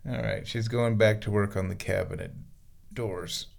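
A man's voice: fairly low pitch, fairly even intonation, moderate pace, gravelly. A man chatting aloud from a bathroom bathtub, musing to himself and cooing at his cat. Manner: talks baby-talk to his cat, muses aloud. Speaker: vlogger. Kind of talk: rambling casual monologue.

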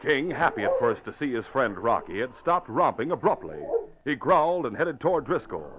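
A man narrating a radio drama in a measured, dramatic storytelling manner. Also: medium pitch, sing-song. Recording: lo-fi old radio recording with faint hiss.

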